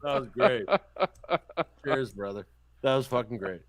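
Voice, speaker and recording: A man's voice: medium pitch, unhurried, creaky, no echo. A man on a podcast telling childhood stories in casual chat, cursing often and acting out the people in his stories. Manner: profane, animated storyteller. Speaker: podcast host.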